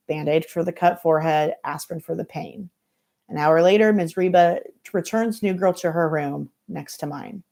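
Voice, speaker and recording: A woman reads a novel aloud to students in dry, measured first-person narration. Her voice is low and gravelly, with a dark, mellow color. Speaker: reader of a novel for school students.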